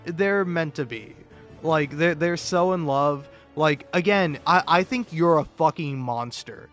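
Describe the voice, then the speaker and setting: A man's voice: fairly high pitch, fairly bright tone. A young man chatting casually as he plays and comments on a game, rambling with many restarts and swearing. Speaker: YouTuber, gameplay commentator. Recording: game music behind.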